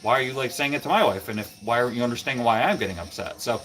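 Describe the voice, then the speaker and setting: A man runs a laid-back livestream from a chilly garage, speaking in a medium-pitched, somewhat bright voice at a racing pace with faint music behind him. He rambles and calls out viewers by name.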